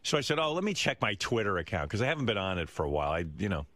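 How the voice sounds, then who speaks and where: A man hosting a radio show, telling stories in an animated, exasperated way in casual chat. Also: on the low side, very fast, no echo. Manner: animated storytelling, exasperated rants. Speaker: radio host.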